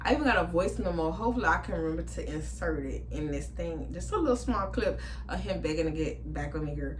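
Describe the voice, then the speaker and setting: A young woman vlogger telling a storytime to her viewers, animated and blunt, swearing freely and talking straight to them. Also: fairly low pitch, quick pace, a little hiss or hum. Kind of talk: storytime chat to camera.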